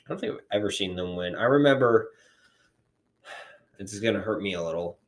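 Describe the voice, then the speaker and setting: A man co-hosting a podcast chats casually in a voice on the low side, talking a little fast with lively intonation. He rambles, uses plenty of fillers, and drops the odd swear word.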